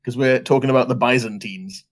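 A man co-hosting a casual podcast chat, often giggling and breaking into high laughs. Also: brisk. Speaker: podcast co-host.

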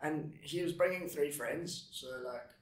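A man's voice: fairly high pitch, unhurried. A man chatting casually on a podcast, laid back and full of fillers. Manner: laid-back, lots of fillers, says "yo" and "dude". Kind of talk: casual chat. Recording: roomy echo.

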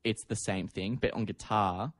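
A man's voice: fairly low pitch, fairly even intonation, normal speed. A young man, a drummer guesting on a podcast, rambling and laughing in casual chat.

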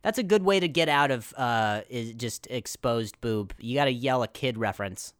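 A man hosting a podcast, telling a comic story in an animated, self-deprecating way, laughing often and jumping into high put-on voices for quotes. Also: normal speed, hardly any pauses, dry recording, clean studio sound. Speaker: podcast host. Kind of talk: comedic storytelling.

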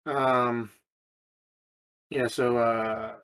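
Casting: offhand male podcast co-host, middle pitch, blunt, thinking out loud, mic far off with echo. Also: level tone, drawn-out words, clean tone. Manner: offhand, thinks aloud with restarts and swearing. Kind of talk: casual chat.

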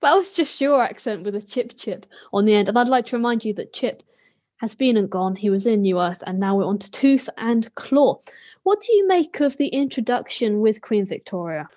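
A woman's voice: on the high side, animated, normal speed, a little mellow. A woman co-hosting a podcast, reviewing a TV episode in casual chat with a wry, lightly sarcastic manner. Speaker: podcast co-host.

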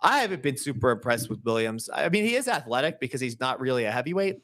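A man's voice: medium pitch, big pitch swings, fast talker, a bit bright. A man co-hosting a podcast who gives his fight picks in a blunt, opinionated, dismissive way. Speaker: podcast co-host. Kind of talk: casual podcast chat about fight picks.

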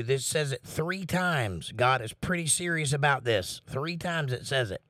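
A man leading a Bible study in a mid-pitched voice, reading verses in a slow, deliberate way and stressing the key words. He breaks off with blunt, plain-spoken comments between the verses. The recording is dry and close, with no room sound. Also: lively intonation, fairly bright tone, dry recording. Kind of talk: reading scripture aloud with commentary.

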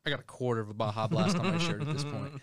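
A young man co-hosting a podcast, telling a story in animated, profane casual chat. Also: medium pitch, racing. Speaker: podcast co-host.

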